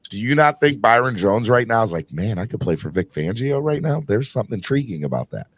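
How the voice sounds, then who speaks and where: A man's voice: lowish voice, sing-song, fairly quick, dry recording. A man hosting a casual sports podcast, talking emphatically and often restarting his sentences. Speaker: podcast host.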